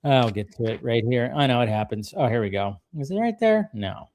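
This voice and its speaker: A man in casual conversation, walking through a cartoon episode scene by scene. He laughs often and slips into playful voices for the characters. His pitch sits in a middle range. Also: a little fast. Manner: animated, laughs often, acts out characters' lines. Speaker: podcast co-host.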